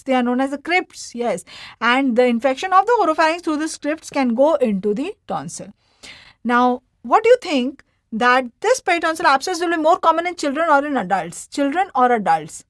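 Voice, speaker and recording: Woman medical lecturer, high voice, dry close mic, quizzes herself and repeats key terms. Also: no echo. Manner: asks questions and answers them herself, repeats key terms. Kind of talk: recorded anatomy lecture.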